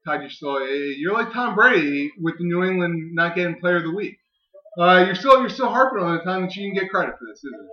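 A man's voice: high voice, brisk, muffled recording. A man co-hosting a casual podcast, teasing his partner and calling plays from a game on TV. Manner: teasing, excitable, quips over a game on TV. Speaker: podcast co-host. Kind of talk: casual chat with live sports commentary. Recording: roomy echo.

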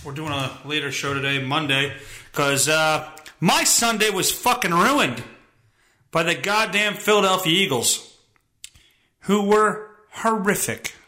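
A man hosting his podcast, ranting casually with lots of profanity and bursts of exasperated shouting. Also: on the high side, animated, unhurried, reverberant. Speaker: podcast host.

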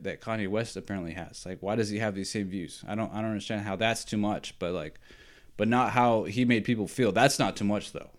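A man with a mid-range voice hosts a sports podcast. He talks off the cuff and opinionated, rambling from point to point and checking in with a steady "right?". Now and then he chuckles at his own takes. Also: mid-range voice. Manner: animated, rambling, frequent "right?" and "like". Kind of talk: casual opinionated sports talk.

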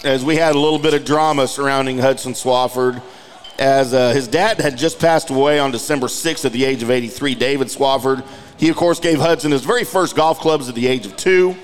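A man's voice: mid-range voice, fairly quick, in a large hall. A man in his forties from Louisiana, co-hosting a casual golf podcast with teasing banter. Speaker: podcast co-host.

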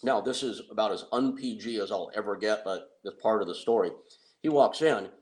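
A middle-aged man telling an anecdote in a casual, excitable way, with restarts. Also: lowish voice, normal speed, low-quality recording. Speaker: guest storyteller. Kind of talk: casual anecdote on a talk show.

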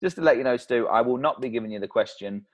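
A man's voice: mid-range voice, fast, lo-fi sound. A man co-hosting a comedy podcast, teasing and laughing often in casual chat. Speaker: podcast co-host.

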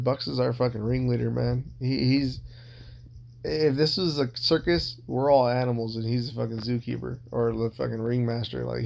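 This podcast guest rambles through casual confessional stories, blunt and full of swearing. His mid-range voice has vocal fry and a darkish tone, with slight background noise in the recording.

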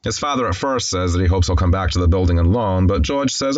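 A man's voice: low voice, animated, quick pace, darkish tone, dry recording, muffled recording. A man casually recapping a classic film, candid and conversational with wry asides. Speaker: film commentator.

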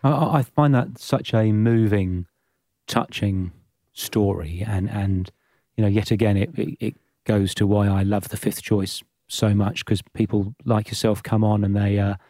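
A man hosting an interview podcast, speaking gently with small stammers. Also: on the low side, steady tone, measured pace, no room sound, studio quality. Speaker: podcast host. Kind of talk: interview conversation.

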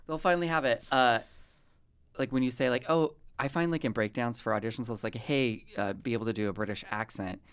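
A woman's voice: a bass voice, steady tone, fast talker, clean tone. A woman from the US West Coast hosting a podcast in casual chat, rambling and often cutting herself off. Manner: rambling, chatty, self-interrupting. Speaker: podcast host.

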